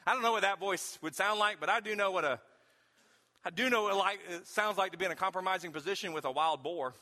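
A man preaching a sermon, emphatic and folksy, with storytelling and sudden shouted questions. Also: high voice, quick pace. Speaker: pastor. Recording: long hall reverb.

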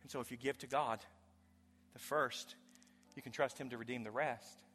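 A pastor preaching a sermon to his congregation, emphatic, swinging from loud declarations to hushed low lines. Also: steady tone, normal speed, soft background music. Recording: long hall reverb.

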